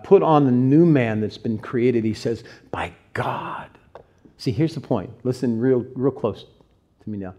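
A man from Ohio preaching a sermon, swinging between loud emphatic lines and hushed, slowed-down asides. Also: fairly high pitch. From Cincinnati, Ohio. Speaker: pastor.

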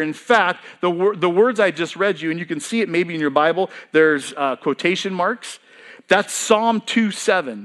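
In this sermon, a middle-aged pastor with a fairly high voice preaches with lively emphasis. He poses questions to the congregation and answers them himself, letting his pitch rise and fall as he hammers home each point.

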